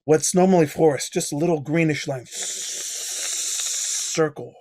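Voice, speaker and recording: A man's voice: fairly high pitch, slow, a little mellow. A man acting as game master, narrating a tabletop game scene in a cinematic, scene-setting way. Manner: playful banter with players.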